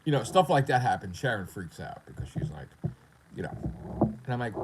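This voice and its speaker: A man's voice: fairly low pitch, big pitch swings, moderate pace, very noisy. A middle-aged man with a New York accent, ranting profanely and animatedly as a gaming streamer on a casual livestream.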